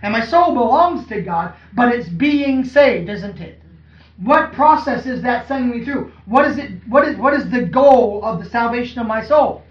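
A man's voice: very high-pitched, animated, moderate pace. A man preaching a sermon to a congregation, often asking them questions that draw replies. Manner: call-and-response, asks the congregation questions. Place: church hall. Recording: echoey, dull, from far off.

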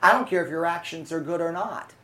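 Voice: medium pitch, brisk, pushed and bright. A preacher delivering a sermon, telling a story with frequent fillers and restarts and calling out to the congregation for responses.

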